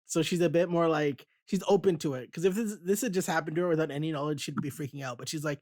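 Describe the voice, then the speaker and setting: A man with a fairly high voice hosts a casual comic book show, animatedly walking through the scenes. He slips into the characters' lines as he retells them. The sound is dry and close, with no room echo. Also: fairly even intonation, quick pace, few pauses. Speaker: podcast host.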